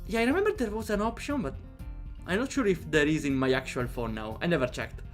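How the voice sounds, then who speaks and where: Chatty man with lively pitch. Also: quick pace, soft background music. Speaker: streamer. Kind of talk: reading a visual novel aloud with live chat.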